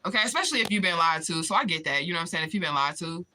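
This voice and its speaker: Bright-voiced woman chatting frankly on a livestream. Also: on the low side, animated, rapid-fire, slight background noise. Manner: candid, profane, laughs often, answers viewers directly. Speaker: livestream vlogger reading chat comments. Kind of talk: casual livestream chat.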